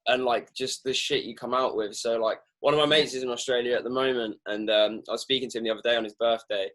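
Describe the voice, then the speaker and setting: Animated young English man, casual swearing. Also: mid-range voice, fast. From England. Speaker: podcast host. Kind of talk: casual podcast chat.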